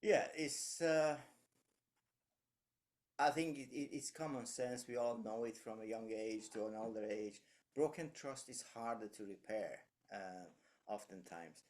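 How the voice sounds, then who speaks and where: A man's voice: on the low side, measured pace, a little mellow. A man giving leadership advice in casual conversation, reflective and anecdotal, with frequent fillers and restarts.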